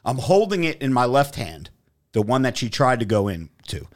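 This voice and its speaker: Animated profane young man storyteller. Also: medium pitch, normal speed. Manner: profane, animated, acts out quotes. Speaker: podcast host telling a story. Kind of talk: casual storytelling chat.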